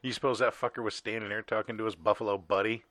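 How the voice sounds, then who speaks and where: Low-voiced, foul-mouthed man. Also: steady tone, quick pace, a bit bright, dry recording. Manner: gruff, swears freely, jokes in side voices. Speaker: podcast co-host. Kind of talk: profane casual banter.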